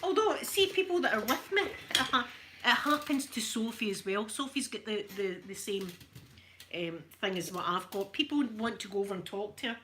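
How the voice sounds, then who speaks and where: A woman's voice: medium pitch, expressive, normal speed, bright, forceful tone, a little hiss or hum. A middle-aged Scottish woman chatting casually while ironing, rambling from one story to the next. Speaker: ASMR creator.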